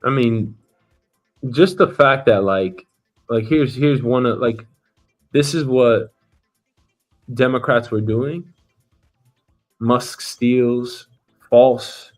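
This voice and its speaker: A man's voice: medium pitch, drawn-out words, pauses often, faint music behind. Blunt, profane man ranting casually. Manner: blunt, profane, animated with mock voices. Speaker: show host. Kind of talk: casual opinionated commentary.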